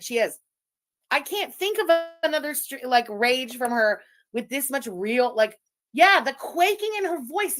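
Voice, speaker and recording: A woman's voice: sits high, fairly bright tone. A woman streamer gleefully mocking a clip and thanking viewers, swearing freely. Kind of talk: livestream reaction commentary.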